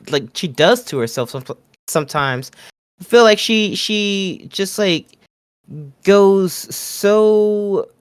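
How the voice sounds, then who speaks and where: A podcast co-host chatting casually about wrestling, agreeable and unhurried, often answering with short affirmations. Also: medium pitch, no echo, studio quality.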